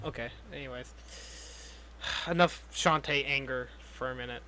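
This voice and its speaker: A man's voice: a little high, moderate pace, bright, forceful tone. A young man co-hosting a casual movie podcast, laughing and swearing, slipping into mocking voices. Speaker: podcast co-host. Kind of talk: casual movie review chat.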